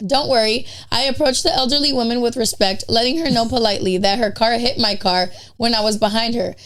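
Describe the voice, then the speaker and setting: Brief: woman podcast host, bit higher pitch, casual storyteller, reads a prepared anecdote. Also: fairly even intonation, a little fast, fairly bright tone. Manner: chatty, storytelling.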